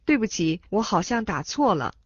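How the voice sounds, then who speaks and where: A woman reading short phrases aloud for a language lesson in a lively, sing-song way. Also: medium pitch, moderate pace, no room sound. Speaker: Chinese phrase reader. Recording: dull dry studio sound.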